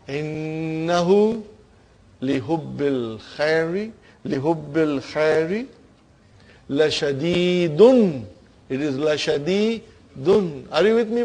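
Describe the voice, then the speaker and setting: Lively teacher with a slightly raised voice. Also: male voice, on the high side. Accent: South Asian English. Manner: engaging, keeps asking "huh?" and "are you with me, brothers and sisters?"; recites Arabic verses quickly, explains slowly in English. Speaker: Arabic teacher. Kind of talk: classroom lesson on Quranic grammar.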